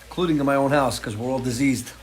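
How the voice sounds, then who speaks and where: Male host, casual and crude porch chat, mid-pitched, faint background ambience. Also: fast, a little hiss or hum. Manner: crude, joking, talks to his dogs. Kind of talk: casual live-stream chat. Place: home porch.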